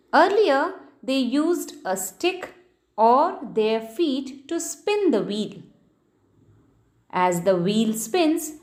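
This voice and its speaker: A woman with an Indian English accent teaching a lesson to children, speaking slowly and patiently and spelling words out letter by letter. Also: high voice. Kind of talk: scripted classroom lesson for children.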